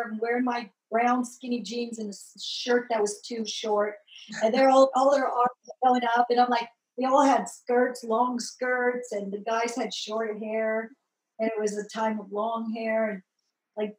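A woman from Southern California telling her conversion story in a lively, expressive way, acting out the people she met. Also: on the high side, echoey room, low-quality recording. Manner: lively, acts out voices in the story, rises to excited peaks. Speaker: guest telling her testimony. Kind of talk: animated personal storytelling.

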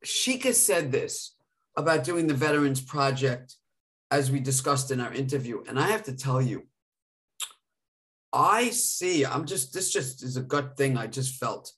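A man's voice: mid-range voice, lively intonation, measured pace, a bit bright. A man co-hosting a live podcast, talking in an effusive, emotional, gushing way. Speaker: podcast co-host.

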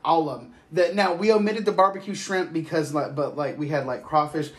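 Male podcast host, slightly high voice, loose profane storyteller. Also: a little fast, fairly bright tone, slight background noise. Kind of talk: casual chat.

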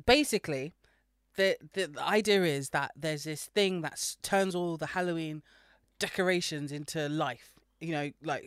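Male podcast co-host, slightly high, smooth, dry close sound, animated storyteller. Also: no echo. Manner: animated storyteller, acts out quotes. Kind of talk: casual chat.

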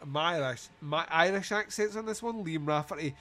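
Man, podcast host, casual comedic film review, sweary and giggly, slightly high voice. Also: normal speed, bright, forceful tone.

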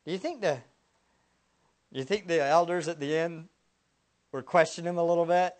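A male pastor preaching a sermon, dropping to hushed near-whispers and then climbing to loud, emphatic rhetorical questions he repeats for effect. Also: fairly high pitch, normal speed, long pauses.

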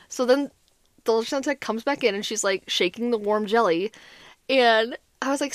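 A young woman co-hosting a podcast, telling a story in casual chat, animated and full of "like", acting out the voices of others. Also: on the high side, a little fast, no room sound. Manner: animated, heavy use of "like", acts out quoted voices. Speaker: podcast co-host.

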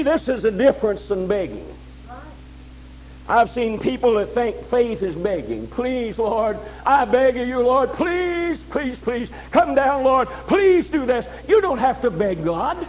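A man's voice: high-pitched, darkish tone, slight background noise, low-quality recording. An older man preaching a sermon in a folksy way, repeating phrases and checking in with his listeners. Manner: folksy, repeats phrases, asks "all right?".

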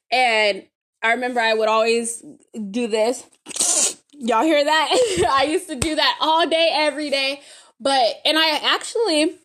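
Lady, high voice, rambly testimony vlog, keeps saying y'all. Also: a bit bright. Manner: rambling, faith-filled, addresses viewers as y'all. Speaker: vlogger giving a testimony. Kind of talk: casual spoken testimony.

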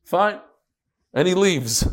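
A man teaching a Talmud class as a rabbi, telling stories in a lively way and talking straight to his students. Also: high voice, slow. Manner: animated, talks straight to the class. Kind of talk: lively lecture with storytelling.

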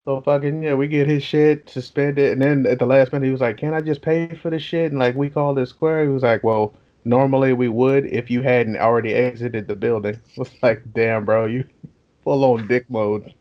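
A young man in his twenties tells a story in a casual, profane, animated way. His voice sits mid-range and the recording sounds dull and lo-fi. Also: mid-range voice, normal speed.

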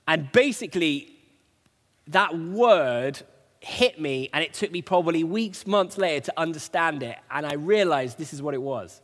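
A man's voice: fairly high pitch, lively intonation, normal speed, fairly bright tone. Earnest male preacher in a reverberant hall. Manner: earnest, personal storytelling. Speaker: preacher sharing a testimony. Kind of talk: conversational sermon.

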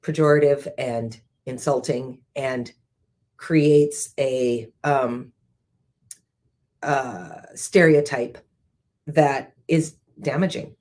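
A woman with a low voice reads book passages aloud in a measured, steady way. She breaks off now and then for her own casual asides as the show's host. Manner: measured reading with personal asides. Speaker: host, CEO.

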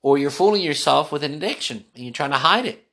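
Bible study teacher; earnest, repetitive delivery, calls the listener son, reads scripture slowly and then unpacks it. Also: mid-range voice, lively intonation, a bit bright. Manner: earnest, repeats key phrases, addresses listener as son.

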